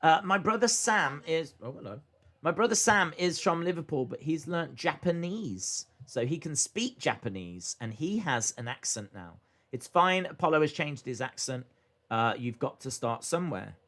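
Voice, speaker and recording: A man's voice: fairly high pitch, sing-song, normal speed, a bit bright. A young man hosting a casual live reaction stream, chatting and thinking aloud with frequent fillers.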